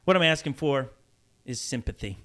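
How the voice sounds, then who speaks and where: A man's voice: mid-range voice, lively intonation, moderate pace, fairly bright tone. A man hosting a live podcast in casual chat, joking, teasing and rambling. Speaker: podcast host.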